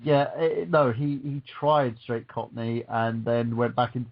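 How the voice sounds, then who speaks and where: A man's voice: medium pitch, level tone, unhurried, highs cut off. Rambling man hosting a podcast. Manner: rambling, hesitant, with many restarts. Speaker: podcast host. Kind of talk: casual chat.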